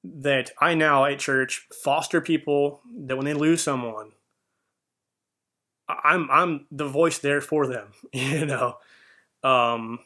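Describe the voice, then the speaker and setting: A man's voice: mid-range voice, steady tone, unhurried, long pauses, pushed and bright. A young man telling a heartfelt personal story in an earnest, rambling way, with fillers and restarts. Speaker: vlogger.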